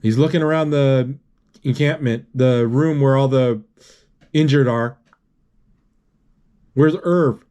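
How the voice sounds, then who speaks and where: A man retelling a film scene by scene in an unscripted, halting way, with many restarts and spoken sound effects. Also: medium pitch, fairly even intonation, warm tone, clear, resonant tone.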